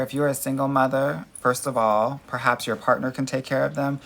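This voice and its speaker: A mid-range, creaky, fairly bright voice with fairly even intonation comes from a man briskly hosting a live dating Q&A. He replies to viewer comments with sass and emphasis, calling people girl and honey, in a relaxed livestream chat.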